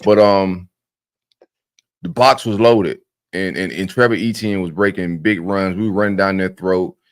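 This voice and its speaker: Podcast co-host, low voice, dry close sound, excitable and stumbling. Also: male voice, unhurried, dry recording. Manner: animated, repeats words when excited. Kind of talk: casual sports chat.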